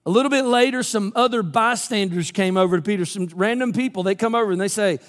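A man's voice: high voice, fast talker, hardly any pauses. A man from Georgia, preaching a sermon in a storytelling way and acting out the quoted lines. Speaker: pastor. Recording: long hall reverb.

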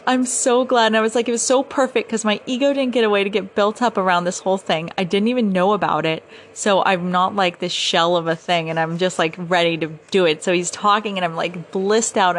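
A young woman hosting a podcast, telling a story in a casual, animated way and acting out her own reactions. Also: on the low side. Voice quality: animated, breathless retelling with quoted reactions. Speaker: podcast host.

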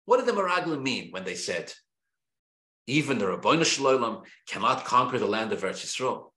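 A man, a rabbi teaching a Torah class, speaking in an animated, emphatic way with rhetorical questions and frequent restarts. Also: mid-range voice, brisk. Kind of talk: lecture-style Torah class. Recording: roomy echo.

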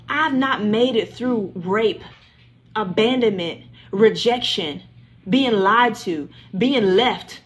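A woman's voice: on the high side, takes it slowly, a little hiss or hum. A woman leading a livestreamed Bible study, preaching with passion, repeating phrases and praying aloud over her listeners. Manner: impassioned, repetitive preaching with prayer.

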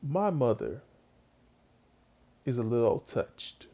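Gravelly man telling a comic story. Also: mid-range voice, sing-song, slow, dark tone. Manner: slangy, conversational, talks straight to listeners.

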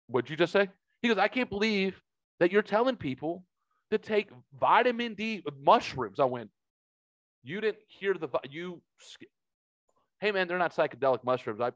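A man's voice: fairly high pitch, no echo, muffled recording. Profane, heated man telling a story. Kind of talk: casual storytelling chat.

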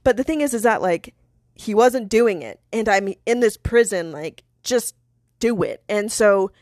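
A young woman hosting a podcast, telling a personal story in a candid, animated way, swearing and laughing between many fillers. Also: mid-range voice, dry recording, clean studio sound. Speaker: podcast host.

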